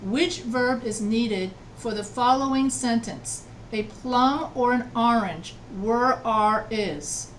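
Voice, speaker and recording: A woman's voice: a little high, slow pace, few pauses, far from the mic, slight background noise. A woman writing instructor teaching an online class, patiently repeating answers and checking that students follow. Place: video call from home.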